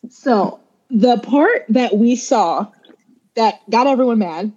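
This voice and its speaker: A woman co-hosting a podcast in casual chat, wry and quick to laugh as she tells stories. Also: a little high, animated, warm tone, dull audio, a little hiss or hum. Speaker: podcast co-host.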